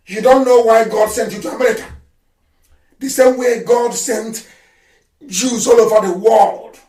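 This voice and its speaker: Man, fiery radio address, shouting and scolding, high voice, echoey, far from the mic. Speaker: political activist broadcaster.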